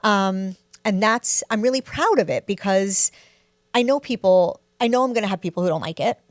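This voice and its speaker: A woman's voice: mid-range voice, moderate pace, no room sound, clean studio sound. Candid, self-deprecating woman telling a story. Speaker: guest author. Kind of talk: casual interview chat.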